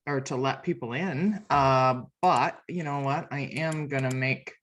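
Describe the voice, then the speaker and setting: A woman's voice: rumbling low, measured pace. A woman filling in as host of a video call, chatty and self-deprecating, laughing often. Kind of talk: casual video call chat.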